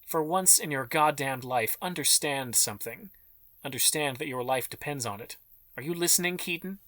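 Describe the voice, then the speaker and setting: A man reading aloud, voicing a cold, menacing male vampire who speaks softly and insistently. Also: on the high side, moderate pace, dry recording, studio quality, close to an everyday voice.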